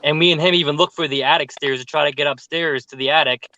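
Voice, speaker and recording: A man telling a story with lots of fillers in casual chat on a group call, animated and talkative. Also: a little high, quick pace, lo-fi sound, slight background noise. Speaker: paranormal youtuber telling a story.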